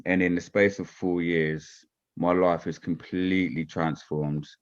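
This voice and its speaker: A man's voice: deep voice, flat delivery, unhurried, clear, resonant tone, muffled recording. A man talking as a podcast guest in casual, rambling chat, often checking "do you know what I mean".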